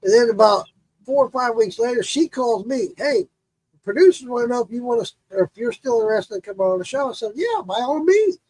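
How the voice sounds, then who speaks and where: A man's voice: extremely high pitch, lively intonation, fast, gravelly, darkish tone, dry recording, poor audio. A man telling a long, profane story in casual chat and acting out the quotes.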